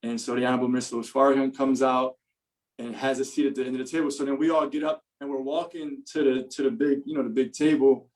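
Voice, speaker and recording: A man, a podcast guest, casually telling a story in an animated way, laughing often and filling his talk with "like" and "you know". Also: medium pitch, fast talker, low-quality recording.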